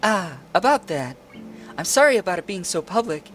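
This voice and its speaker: A man voicing a polite, well-bred young female student, in a soft, refined and measured manner, over faint guitar music. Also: sits high, sing-song, pitched above the performer's own voice. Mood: gentle.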